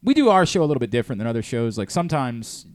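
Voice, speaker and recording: A man's voice: mid-range voice, sing-song, rapid-fire, dry recording. A male show host in casual studio chat, rambling and interrupting as he jumps from thought to thought.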